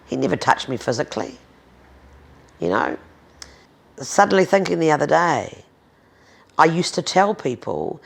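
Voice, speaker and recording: A woman's voice: sits low, sing-song, a little slow, vocal fry, long pauses. A woman in her fifties with a New Zealand accent, speaking bluntly and emphatically in an interview, swearing freely. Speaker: interviewee, domestic violence advocate. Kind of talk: candid conversational interview.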